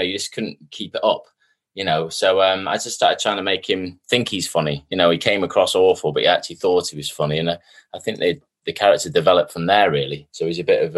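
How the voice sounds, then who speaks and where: A man, an actor guest telling self-mocking stories in a casual interview. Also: low-pitched. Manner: chatty, self-mocking storyteller, lively quoting.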